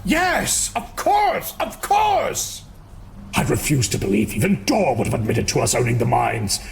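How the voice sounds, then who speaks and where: A man voicing a melodramatic, indignant young man in his twenties who shouts and blusters in voiced game dialogue. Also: medium pitch, wildly swooping pitch, measured pace, creaky, faint music behind, full character voice. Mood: blustering. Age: 20s. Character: excitable indignant young man under questioning.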